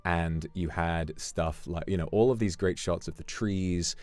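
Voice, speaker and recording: A man streamer chatting casually, telling an animated story with sudden jumps in pitch. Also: unhurried, no echo. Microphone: streaming microphone. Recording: dry close mic, faint music behind.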